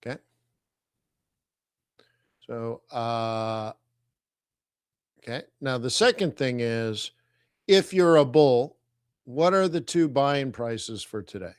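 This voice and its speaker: A middle-aged man hosts a live trading stream in an energetic, teasing manner. His voice sits at a medium pitch. The recording is dry, with no room echo. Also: slow pace, long pauses, clear, resonant tone. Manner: energetic, teasing, talks to viewers as kids. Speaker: forex trading host.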